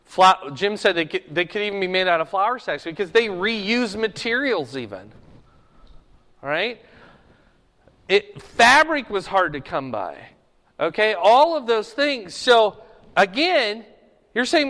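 A man with a notably high voice gives a Bible class, pausing often to ask "okay?" to keep his students with him. His voice carries a long reverb of a large hall. He talks in the manner of a teacher walking through his notes. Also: lively intonation, a bit bright. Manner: often checks in with a questioning "okay?".

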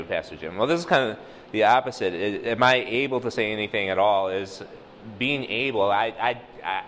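A man's voice: lowish voice, moderate pace, a bit bright, in a large hall, a little hiss or hum, low-quality recording. A man teaching a casual sermon, talking through a passage with many fillers and acting out quoted dialogue. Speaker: lay preacher.

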